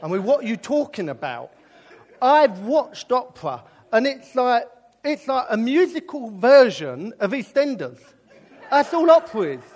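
A British man preaching with a high, bouncing voice that swoops up and down as he jokes. His sermon mixes comic storytelling with earnest appeals. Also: a little slow. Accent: British English. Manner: animated and jokey, drifting into earnest preaching.

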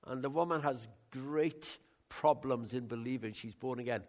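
An older man preaching a sermon in a conversational way, bantering with the congregation, with big swings in loudness. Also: mid-range voice, normal speed. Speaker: pastor.

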